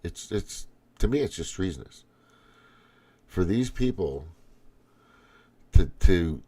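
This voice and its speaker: A man's voice: sits low, lively intonation, slow pace, pauses often, dark tone, breathy edge. A middle-aged man hosting a casual political monologue, angry and profane, often restarting his sentences. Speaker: political commentary host.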